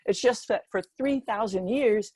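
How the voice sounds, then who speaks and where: An older American woman giving a speech, telling a personal story in a lively way and acting out the quoted voices. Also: a little slow, breathy edge, no echo. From United States. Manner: lively storyteller, acts out quotes with animated jumps in pitch. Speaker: keynote speaker.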